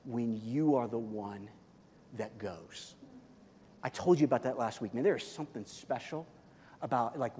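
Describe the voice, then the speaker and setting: A man's voice: medium pitch, a little mellow, in a large hall, slight background noise. A man preaching a sermon as pastor, telling the story in a loose, conversational way with many fillers and restarts.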